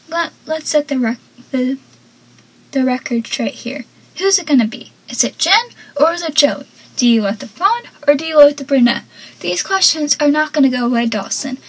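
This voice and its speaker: Cocky teenage boy, blunt and needling, fairly high, husky, read by a woman. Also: poor audio. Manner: teasing, then blunt and annoyed. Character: cocky teenage boy confronting his best friend.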